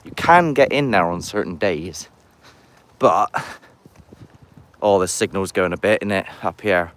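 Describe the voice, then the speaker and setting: Easygoing guy, low voice that swings up and down, chatty jokey asides, phone mic outdoors. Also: animated, unhurried, fairly bright tone. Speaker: paranormal investigator, live streamer. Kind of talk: live walking vlog. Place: outdoors in woodland.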